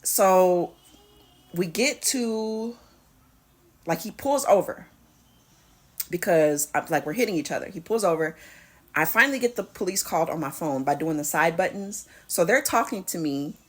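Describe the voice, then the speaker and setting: A woman's voice: on the low side, lively intonation, normal speed, pauses often. A young woman, candidly telling a personal story in a vlog, quoting dialogue and swearing freely. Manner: candid, profane retelling with quoted dialogue. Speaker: vlogger.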